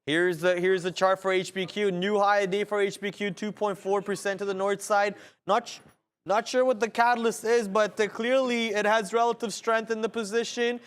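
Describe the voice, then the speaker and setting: A man with a high, light voice talks traders through the market on a live show. His delivery is brisk and chatty, full of restarts and repeated words. He sounds like he is on a trading floor studio set. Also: level tone, clean tone. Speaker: day trading show host.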